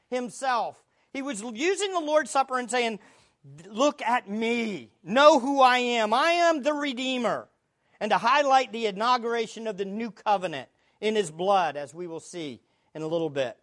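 Earnest woman preaching a sermon. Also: fairly high pitch. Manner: earnest, emphatic Bible teaching with rhetorical questions.

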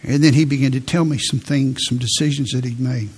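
A man's voice: mid-range voice, fairly even intonation, fairly quick, darkish tone, slightly rough. A man preaching a sermon, telling personal stories earnestly and reading scripture with growing fervor. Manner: earnest storytelling, rising to fervent scripture reading. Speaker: pastor.

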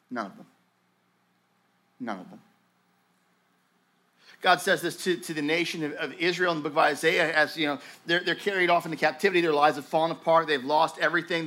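A male pastor with a bright, forward voice pitched a little above the usual for men. He preaches conversationally and animatedly, stumbling over restarts, and at times drops into a hushed, slower register. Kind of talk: sermon.

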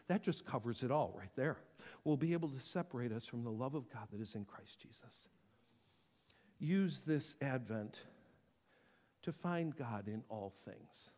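A man preaching a sermon, swinging from loud, emphatic declaring to hushed, near-whispered intimacy. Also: on the high side, expressive, measured pace, big-room sound. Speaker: pastor.

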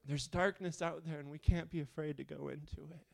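A man's voice: fairly high pitch, fairly even intonation, brisk, creaky. Fervent preacher man, rising intensity. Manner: builds from quiet questions to loud fervent appeals. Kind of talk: sermon.

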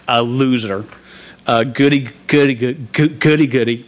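A man's voice: medium pitch, steady tone. A man preaching a conversational sermon, often stumbling and restarting words and asking the congregation questions. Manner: halting, frequent stumbles and restarts, asks the audience questions.

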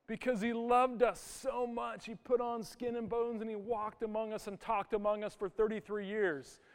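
High-voiced man preaching in a hall. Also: little pitch movement, moderate pace. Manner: impassioned preaching, rising emphasis. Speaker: pastor. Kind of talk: sermon.

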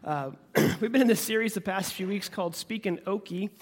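A man with a light Oklahoma accent preaches in a relaxed, folksy way, full of jokes and playful asides. His voice sits high for a man. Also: brisk. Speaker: pastor. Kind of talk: sermon.

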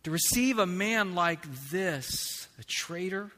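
A man preaching a sermon as pastor, slow and emphatic, swinging between hushed and loud passages. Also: sits high. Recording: long reverb of a large hall.

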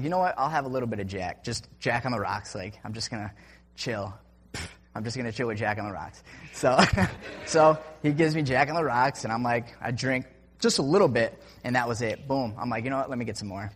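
A man's voice: medium pitch, fairly bright tone. Rambling young man telling a story, reverberant. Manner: rambling, full of "like" and "I'm like" quotes. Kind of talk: personal story told casually. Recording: long reverb.

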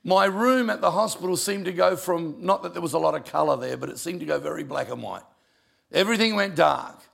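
Older aussie pastor guy preaching, real gravelly voice, slightly high, chatty and emotional. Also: fairly quick, a bit bright. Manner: emotional, conversational storytelling with asides. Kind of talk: sermon storytelling.

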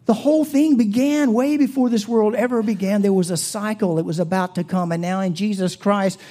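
A man preaching a sermon with an American accent, earnest and full of rhetorical questions, rising loud and then dropping to a hush. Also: high-pitched. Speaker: pastor.

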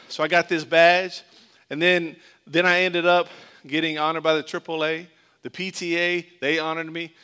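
A man's voice: on the high side, pushed and bright, clear, resonant tone. A middle-aged man from Florida preaching a sermon in a conversational, joking way, mixing scripture with a story from his own childhood. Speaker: pastor.

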